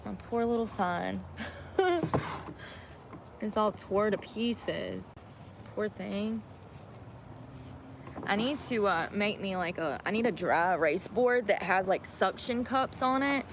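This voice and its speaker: A woman who live streams, chatting casually in a soft, meandering way with many fillers. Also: mid-range voice, takes it slowly, long pauses, noisy background. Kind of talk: casual chat.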